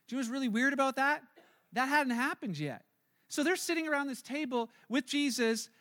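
Casual: high-voiced pastor guy preaching, storytelling, gets slow and quiet at the heavy bits. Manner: animated, then slow and hushed. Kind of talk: sermon storytelling.

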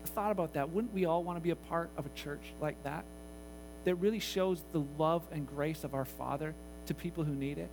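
A pastor telling a story in a sermon, acting out the voices of the people in it. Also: male voice, fairly high pitch, fairly quick, creaky, background noise. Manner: animated, acts out voices in the story.

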